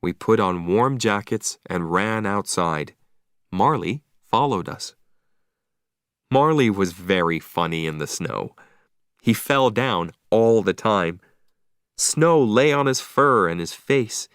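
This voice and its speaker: A man narrating an audiobook for language learners in a slow, clear, deliberate reading. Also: on the low side, expressive, fairly bright tone, no room sound, studio quality.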